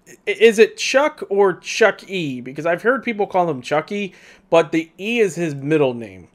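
Male reviewer, snarky, high and animated. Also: moderate pace. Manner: sarcastic, mocking. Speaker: movie reviewer. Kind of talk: casual commentary.

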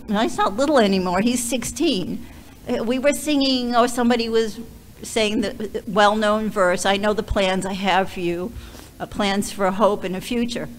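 A woman speaking as a visiting ministry leader in a heartfelt church talk, earnest and emotional, pausing often and restarting her sentences. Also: mid-range voice, slight background noise. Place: church sanctuary. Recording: reverberant hall, faint background ambience.

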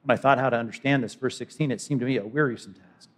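A man preaching a sermon as pastor, swinging from loud to hushed and voicing imagined speakers. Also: mid-range voice, rapid-fire. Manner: dynamic preaching, voices imagined speakers, sudden drops to quiet.

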